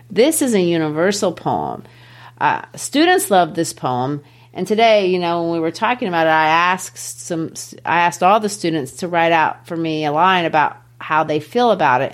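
A middle-aged woman teacher walking through a poem, playful and animated, shifting her pitch for emphasis. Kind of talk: classroom-style poetry lesson.

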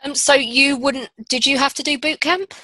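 A woman moderating a panel, introducing guests with brisk, teasing questions. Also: high-pitched, fairly even intonation, pushed and bright, dry recording.

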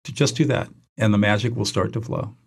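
A man's voice: lowish voice, fairly quick, creaky, slightly rough. Passionate man explaining a method. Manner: passionate, animated, acts out example dialogues. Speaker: guest expert. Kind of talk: podcast interview, teaching.

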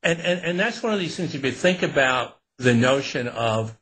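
An older man, an author being interviewed, talking in a relaxed, rambling way with frequent restarts. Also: mid-range voice, moderate pace, slightly rough. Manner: relaxed, rambling, laughs often. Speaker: author guest. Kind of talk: casual interview talk.

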